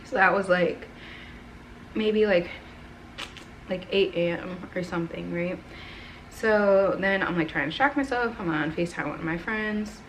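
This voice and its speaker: A woman's voice: lowish voice, unhurried, pauses often, slight background noise. A woman in her twenties telling a personal story to her camera at home, talking casually with lots of "like" and "right?". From United States. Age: 20s. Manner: rambling, heavy use of "like" and "right?". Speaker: vlogger. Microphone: camera mic.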